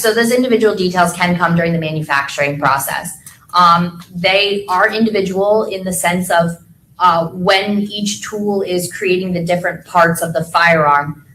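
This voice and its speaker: A woman's voice: lowish voice, fairly bright tone, rough recording. A young woman testifying in court as a firearms examiner, explaining patiently with everyday analogies and frequent ums.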